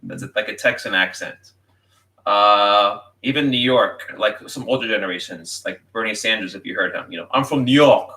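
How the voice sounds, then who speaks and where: A man's voice: fairly low pitch, moderate pace, sharp tone, low-quality recording. A man from Florida with an American accent, a guest chatting casually and giving examples. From Florida, USA. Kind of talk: casual chat.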